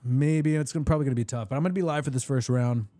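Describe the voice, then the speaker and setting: A man's voice: mid-range voice, racing, mellow, dry recording. Rambling man hosting a live stream. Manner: casual, rambling, lots of restarts. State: slightly hoarse. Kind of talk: live draft reaction stream.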